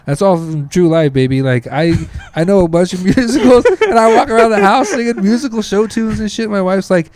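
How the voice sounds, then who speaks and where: A young comedian chatting as a guest, full of self-mocking stories. His voice sits slightly high and swings up and down with lively expression. The delivery is animated and playful. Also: fairly quick, hardly any pauses, slight background noise. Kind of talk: casual chat.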